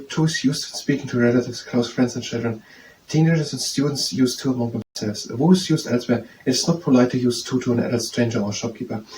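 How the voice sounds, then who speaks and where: A man reading aloud from a study text and practicing phrases, slow and hesitant, repeating words to get them right. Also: medium pitch, a little mellow. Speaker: self-study video host. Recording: roomy echo from a distant mic with faint noise.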